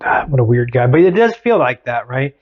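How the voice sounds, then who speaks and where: A man's voice: mid-range voice, sing-song, a little fast, highs cut off. A man hosting a podcast, telling a story in a casual, teasing way. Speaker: podcast host.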